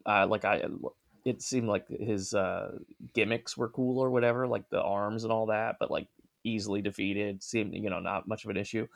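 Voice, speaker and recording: A man's voice: on the low side, steady tone, normal speed, creaky. A man in casual chat, giving his opinions in a loose, rambling way.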